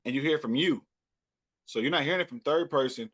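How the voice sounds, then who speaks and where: A man with a Southern US accent, a rapper talking loosely and repeating himself in a relaxed interview chat. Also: fairly high pitch, fast talker. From Texas. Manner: loose, repetitive, laughing often. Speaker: rapper and podcaster guest. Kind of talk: casual chat.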